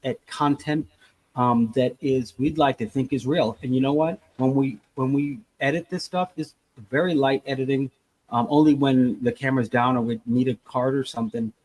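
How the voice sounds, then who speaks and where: A man's voice: medium pitch, steady tone, normal speed, a little mellow, low-quality recording. A man co-hosting a casual podcast who rambles and acts out little scenes as he talks. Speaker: podcast co-host.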